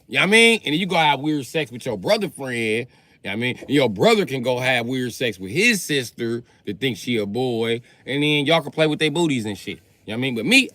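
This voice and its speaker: A man's voice: fairly bright tone, no echo, poor audio. A man ranting in a crude joking way on a live stream from a car. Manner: crude, joking, swings up and down in pitch. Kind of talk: rambling live-stream rant.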